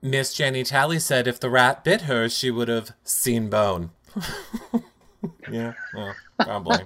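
A man co-hosting a relaxed recap chat, telling each scene with animated, theatrical flair. His tone is bright and sharp-edged, and his delivery jumps into playful voices. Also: medium pitch, unhurried. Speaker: podcast co-host. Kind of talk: casual chat.

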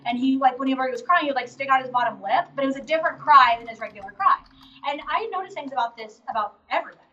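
A woman chatting casually as an interview guest, quick and full of "like" fillers. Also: sits high, pushed and bright, a little hiss or hum. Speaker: interview guest, reality show contestant. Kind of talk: casual live Q&A chat. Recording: distant, dull remote call audio.

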